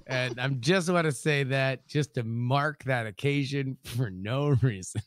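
A man's voice: mid-range voice, unhurried, no echo, clean studio sound. A man co-hosting a casual comedy podcast, wry and emphatic, repeating himself when worked up.

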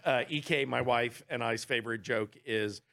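A man's voice: mid-range voice, moderate pace, creaky, fairly bright tone. A man on a stage panel hesitantly leading into a joke. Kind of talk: live panel chat.

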